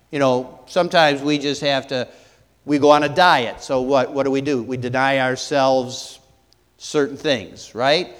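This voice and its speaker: Pastor, man, sermon delivery, smooth resonant voice, hesitant with fillers, long hall reverb. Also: medium pitch. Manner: halting, many fillers and restarts, rhetorical questions.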